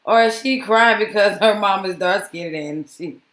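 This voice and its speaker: A woman's voice: medium pitch, moderate pace, echoey room, heavy background noise. A woman talking casually to her viewers in a vlog, laughing often and mocking what she reacts to. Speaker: vlogger. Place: home with dogs.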